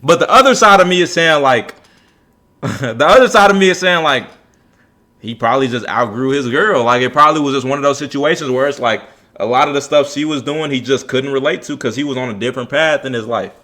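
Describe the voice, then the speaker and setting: A man's voice: medium pitch, bright, forceful tone. A young man streaming and chatting casually, reacting to a video with slangy, repetitive talk. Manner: slangy, repetitive, drawn-out filler.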